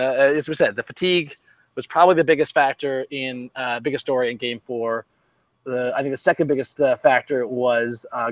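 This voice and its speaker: A man's voice: mid-range voice, no echo. A man co-hosting a casual sports podcast, rambling with many fillers and wry jokes. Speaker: podcast co-host.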